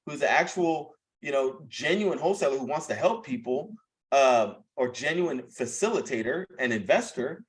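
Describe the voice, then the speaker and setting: A young man talks on a live video call with a voice pitched a bit high for a man. He coaches in a blunt, casual way, throws in profanity, and keeps checking in with "okay?" and "bro.". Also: low-quality recording.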